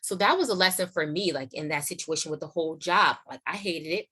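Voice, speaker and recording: A young woman hosting and telling a personal testimony in a casual, chatty way, full of "like" and "you know", acting out quoted lines in a high voice. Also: fast talker, husky. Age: young adult. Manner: acts out quotes in a high excited voice. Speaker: host sharing her testimony.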